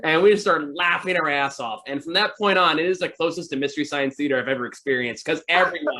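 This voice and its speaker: A man's voice: a little high, fast talker, sharp tone, a little hiss or hum. Male podcast host, casual rambling storyteller, filler-heavy. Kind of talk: casual chat.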